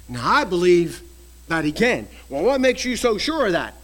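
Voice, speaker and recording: A man preaching a sermon, telling a story and swinging from quiet storytelling to shouted exhortation. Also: sits high, very animated, a little slow, pauses often, low-quality recording. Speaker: pastor.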